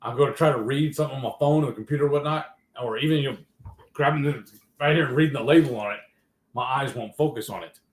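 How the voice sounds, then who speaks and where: A man's voice: medium pitch, fast talker. Male livestream host, loose rambling chat, roomy sound. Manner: rambling, self-correcting, trails off. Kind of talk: casual chat.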